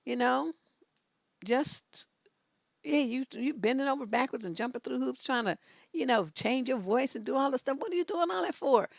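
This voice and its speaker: A woman's voice: high-pitched, lively intonation, moderate pace, creaky, no room sound. A middle-aged woman hosting a live relationship advice show, talking bluntly and with sass, with lots of emphatic repetition. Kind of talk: live-stream advice talk, reading viewer questions.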